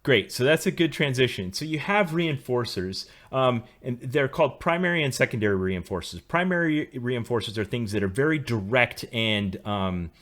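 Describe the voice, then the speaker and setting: A man's voice: medium pitch, animated, normal speed, few pauses, a bit bright. A middle-aged man co-hosting a podcast, explaining at length in a casual lecturing way. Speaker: podcast co-host.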